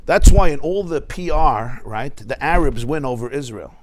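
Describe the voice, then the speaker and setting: A man teaching a class as a rabbi, telling anecdotes and often shouting the punchlines. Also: medium pitch, animated, moderate pace, slight background noise. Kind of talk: lively classroom lecture with anecdotes.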